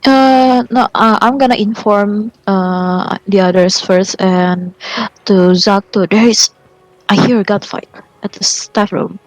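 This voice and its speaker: A woman with English as a second language, playing a tabletop game and asking halting questions. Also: medium pitch, fairly even intonation, no room sound, poor audio. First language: non-native English speaker. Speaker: player.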